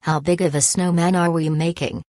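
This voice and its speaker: A woman voicing an excited young wife, speaking eagerly. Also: fairly low pitch, moderate pace, dry recording, studio quality, natural voice.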